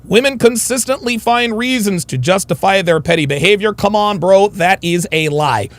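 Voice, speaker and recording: A man's voice: high voice, normal speed. A man hosting a livestream, reading super chats and ranting bluntly with heavy swearing. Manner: blunt, combative, swears heavily. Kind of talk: profane livestream rant.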